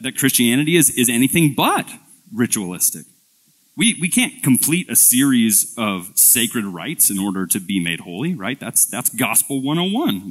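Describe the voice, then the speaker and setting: A man's voice: mid-range voice, fairly bright tone. A male pastor preaching a sermon in a church, telling a playful story in a conversational way, often restarting and repeating words. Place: church sanctuary.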